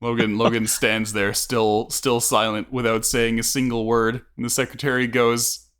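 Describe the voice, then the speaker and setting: A man's voice: medium pitch, flat delivery, normal speed, a bit bright, smooth. A man narrating and ruling as game master in a casual tabletop game, often repeating himself.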